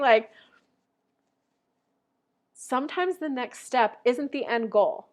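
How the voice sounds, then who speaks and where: A woman in her thirties talks straight to her viewers in a loose, chatty coaching style. She is animated, acting out the voices of people she met. Her voice sits a little on the high side. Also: a little fast, muffled recording. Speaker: life and manifestation coach. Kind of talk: casual talking-head vlog.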